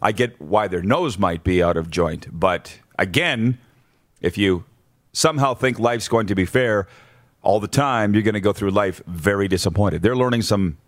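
A man's voice: on the low side, normal speed, dry recording. Male sports talk host, opinionated, works through his points bluntly; dry booth sound. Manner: blunt, numbered-point rundown with frequent restarts.

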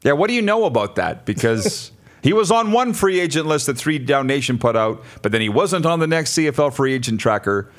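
A man hosts a sports radio talk show in a loose, chatty way, throwing out rhetorical questions. His voice sits at a middling pitch and he talks straight into a studio mic. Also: very animated, brisk. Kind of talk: casual sports radio chat.

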